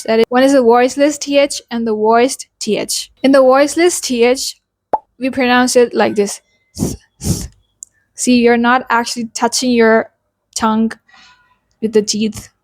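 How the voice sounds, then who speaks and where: A young woman with an Indian English accent teaching an accent lesson, explaining step by step and repeating words slowly to show each sound. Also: fairly high pitch, dry recording. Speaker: accent coach. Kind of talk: pronunciation lesson.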